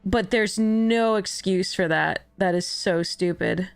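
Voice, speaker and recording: A woman's voice: mid-range voice, slow, creaky, clear, resonant tone, no room sound, faint music behind. A woman streaming a card game, talking casually to her chat, exasperated and swearing freely as she rants at the game. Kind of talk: casual livestream commentary while gaming.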